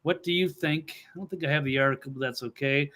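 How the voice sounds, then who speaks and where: A man's voice: fairly high pitch, quick pace, a bit bright. A man co-hosting a talk show, giving blunt, opinionated takes in casual chat. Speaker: co-host.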